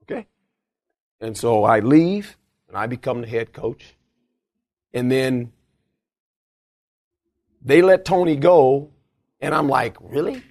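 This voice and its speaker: Expressive yet slow, with long pauses and a somewhat mellow voice, an older man who was once a football coach recounts stories in an animated interview. He's emphatic and laughs often, acting out quotes in a raised, high voice.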